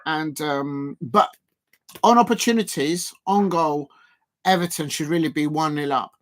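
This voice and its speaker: A man's voice: on the high side, measured pace, fairly bright tone. A man hosting a live football watch-along, commenting in a rambling, hesitant way full of fillers.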